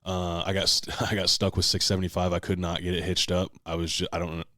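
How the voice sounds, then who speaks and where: Deep-voiced man telling a story, swearing. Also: fast talker, no echo, clean studio sound. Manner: animated storyteller, swears a lot, shouts out quoted lines. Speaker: podcast host. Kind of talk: casual chat.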